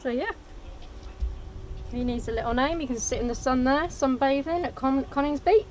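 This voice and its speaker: A woman's voice: high voice, moderate pace, slight background noise. A woman hosting a live stream outdoors, chatty, friendly and giggly, speaking politely and nicely. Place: outdoors at an airfield.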